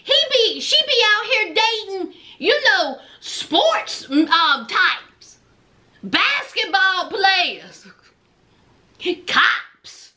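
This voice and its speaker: Sassy high-voiced woman dishing gossip. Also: very animated, very slow, bright, forceful tone. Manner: sassy, gossipy, calls listeners "child" and "honey". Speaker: reality show recap host. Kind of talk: casual sassy show recap.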